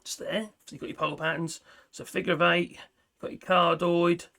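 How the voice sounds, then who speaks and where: A man's voice: high-pitched, level tone, moderate pace, creaky, sharp tone. A man, reviewing a product as he unboxes it, chatty and self-mocking, talking to himself while he fiddles with things.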